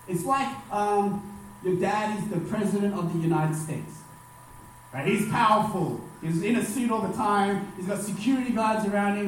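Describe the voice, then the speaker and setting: A man with a high voice gives a sermon to young people from a distance, far from the mic in a very echoey hall with faint room sound behind him. He stresses key words and lets the ends of lines sink low. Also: a little hiss or hum. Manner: emphatic, dropping his voice low at phrase ends. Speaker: youth pastor.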